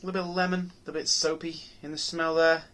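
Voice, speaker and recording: A man's voice: a little high, flat delivery, quick pace, a bit bright. A man reviewing beer on his own channel, talking casually and musing aloud with many ums, restarts and rhetorical questions.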